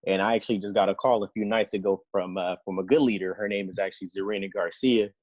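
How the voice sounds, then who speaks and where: Man, very low voice, dry close sound, earnest fired-up testimonial to a sales team. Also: fairly even intonation, fast talker, a little mellow, no echo, dull audio. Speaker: new senior field trainer on a team call. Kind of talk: motivational testimonial.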